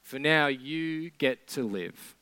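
A man's voice: medium pitch, expressive, slow, bright, forceful tone, clear, resonant tone, no room sound. A man preaching a sermon in a conversational way, with sarcastic asides.

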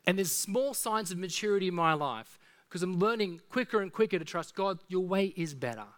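A man delivering a sermon with a bright, forceful voice that sits a little high. He preaches earnestly and often sinks soft and low when he makes an appeal. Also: brisk. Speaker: pastor.

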